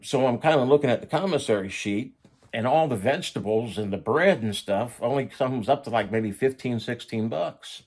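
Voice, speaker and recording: A man's voice: medium pitch, animated, normal speed, darkish tone. A man casually telling a story about his own past, blunt and profane in a conversational way.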